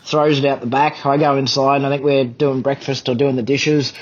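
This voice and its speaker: A man's voice: mid-range voice, little pitch movement, fairly quick, dull audio. A young Australian man telling a fishing charter story as a podcast guest, blunt, profane and often laughing. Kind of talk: casual anecdote telling.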